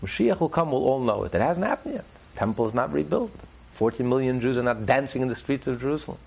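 A man teaching religious ideas in an interview, preacherly, rising sharply in pitch for emphasis and telling stories with acted voices. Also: animated, quick pace, gravelly, breathy edge, rough recording.

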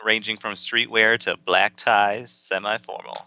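A man co-hosting a podcast, reading out facts in a relaxed way with many ums and uhs. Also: on the low side, a little slow, smooth, dry recording. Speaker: podcast co-host. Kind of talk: casual chat reading aloud.

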